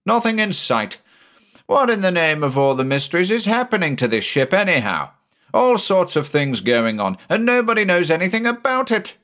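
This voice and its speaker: An irritable old ship's captain, fretful and easily exasperated, as a narrator puts him on. He pushes his voice higher and louder than plain narration, demanding answers. This is a storybook reading. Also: lively intonation, a little slow.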